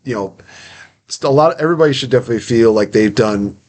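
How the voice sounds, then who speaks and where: A man's voice: medium pitch, fast talker, a little mellow. A young man hosting a casual interview, chatty and rambling, acting out little quotes as he tells stories. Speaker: podcast host.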